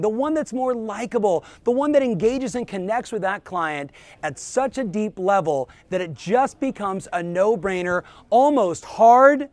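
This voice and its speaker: A man hosting his own show as a real estate business coach, giving an energetic, emphatic motivational talk straight to the viewer. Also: high-pitched.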